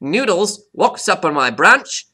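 A man voicing a cocky, hot-tempered male pet parrot who teaches vocabulary, boasting and stopping to define words, with squawky high jumps on "right?". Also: big pitch swings, measured pace, pushed and bright, exaggerated voice. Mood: boastful. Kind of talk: scripted vocabulary lesson.

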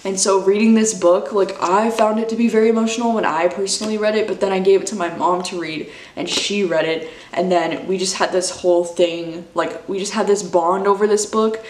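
A woman's voice: medium pitch, fairly even intonation, a little fast, few pauses, roomy sound. A woman in her twenties chatting casually as a book vlogger, gushing and emotional, full of "like" and "dude". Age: 20s. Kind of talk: casual chat.

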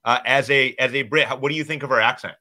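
An eager man on a livestream panel whose words tumble out with restarts. His tone is very bright and forward, at a middle pitch. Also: fairly even intonation, quick pace. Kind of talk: casual livestream chat.

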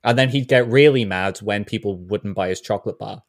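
A man co-hosting a casual podcast chat, laughing often and breaking into shouted villain impressions. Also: lowish voice, a little fast, dry recording. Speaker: podcast co-host.

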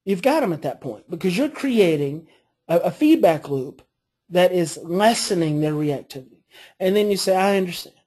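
A woman coaching a parenting class, explaining earnestly and modeling calm phrases to say. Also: on the low side, normal speed, husky.

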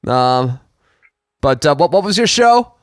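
A man's voice: fairly high pitch, big pitch swings, a little slow, no echo, studio quality. A man co-hosting a podcast, chatting casually with wry jokes. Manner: wry, joking. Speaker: podcast co-host.

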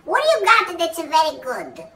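A man's voice: extremely high pitch, wildly swooping pitch, normal speed, sharp tone, a little hiss or hum, voice pushed up, exaggerated voice. A man voicing a bossy, thrifty old Italian aunt with an Italian accent and broken English. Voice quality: broken English, pushy, haggling.

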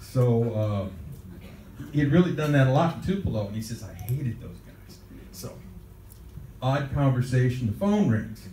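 Recorded on a distant mic in a roomy space with faint ambience and a little hiss or hum, an older male interviewee tells a childhood story. His mellow, medium-pitched voice moves at a moderate pace with lively intonation and long pauses. He rambles and chuckles a lot, words spilling out in fits and restarts.

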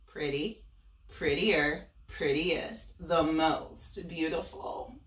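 A woman teacher reading a storybook aloud to students, expressive and stopping to ask them questions. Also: sits low, slow pace. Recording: roomy, from a distance.

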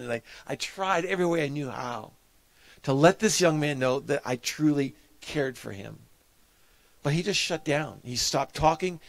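Male pastor preaching, heartfelt storytelling, middle pitch, dry close sound. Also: creaky, no room sound. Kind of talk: sermon with a personal story.

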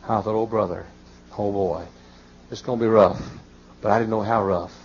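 A man in his late fifties preaching a sermon, telling folksy stories and often crying out in high, excited bursts. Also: normal speed. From Texas. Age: 50s. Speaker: pastor. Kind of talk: sermon with storytelling. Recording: muffled old sermon tape with faint hiss.

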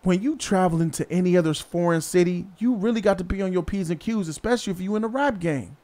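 A man hosts a casual vlog and comments bluntly on the street, lecturing in loose slang. His voice sits high for a man. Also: fast, darkish tone. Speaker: vlog host. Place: outdoors in a city.

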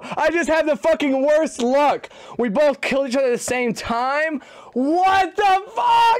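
A man's voice: very high voice, animated, a little slow. A young man giving casual, profane live commentary while streaming a game. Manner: casual and profane, swears freely.

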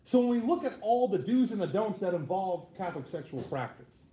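A man in his thirties giving a lively, joking talk to a live audience as a Catholic speaker, with frequent "right?" asides. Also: high voice, a little fast, reverberant, rough recording.

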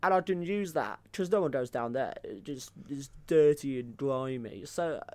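A man's voice: medium pitch, lively intonation, moderate pace, a little mellow, lightly acted. A man playing an indignant old-time plotter. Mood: aggrieved. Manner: whiny, indignant, swears. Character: defensive historical plotter, man, 1600s. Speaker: guest playing a historical figure. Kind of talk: improvised comedy podcast sketch.

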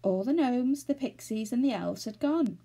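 Woman reading a storybook, husky and gravelly. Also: a little high, expressive, moderate pace, mellow. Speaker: reader of a children's novel. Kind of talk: storybook read-aloud.

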